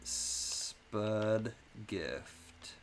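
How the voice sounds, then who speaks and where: A man's voice: fairly low pitch, lively intonation, drawn-out words, slight background noise. A man hosting a live-stream coin auction in a chatty, casual way, thanking viewers by name between calls.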